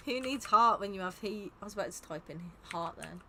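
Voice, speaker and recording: A young English woman running custom game lobbies hosts a live game stream in a mid-range, animated, sharp voice at a moderate pace, with a little hiss or hum. She chats casually, teases viewers, reads chat aloud and laughs often, though she sounds tired.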